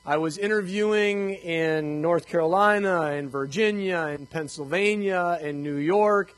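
An older man telling personal stories to a live audience in an animated, joking way, acting out the dialogue. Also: sits high, normal speed, poor audio. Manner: animated, jokey, acts out dialogue. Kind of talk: storytelling talk to a live audience.

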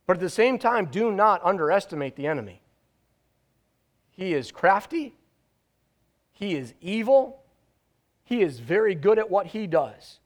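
High-voiced man preaching emphatically. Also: very animated. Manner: emphatic, conversational, with dramatic pauses. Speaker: pastor. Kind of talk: sermon.

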